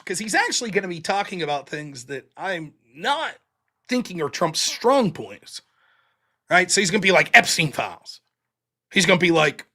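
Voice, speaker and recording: On his own live stream, a man talks loosely and bluntly to his viewers, wandering from point to point and using some mild profanity. His voice sits high and sounds pushed and bright.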